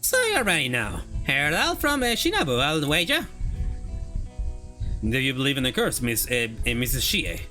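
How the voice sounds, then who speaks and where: A game streamer putting on a stern older woman who bluntly warns two youngsters off, pitched higher than the streamer's own talk. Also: wildly swooping pitch, moderate pace, music in the background. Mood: scolding. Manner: scolding, blunt, warning.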